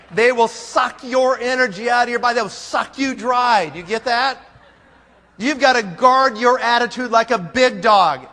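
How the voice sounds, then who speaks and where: A man with a very high-pitched, pushed, bright voice gives a motivational talk at a conference. He's emphatic, firing rhetorical questions at the crowd, and the sound carries a long hall reverb.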